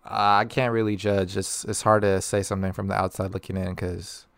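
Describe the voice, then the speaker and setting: A young man chats about soccer in an easygoing way. His voice sits low. The sound is dry and close. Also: little pitch movement, a little fast, creaky, clear, resonant tone, dry recording. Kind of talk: casual soccer chat.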